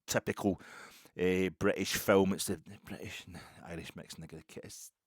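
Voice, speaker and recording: A middle-aged Scottish man hosting a football podcast, rambling and animated in a casual solo monologue. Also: deep voice, moderate pace, breathy edge, no room sound, studio quality. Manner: rambling, animated, self-interrupting.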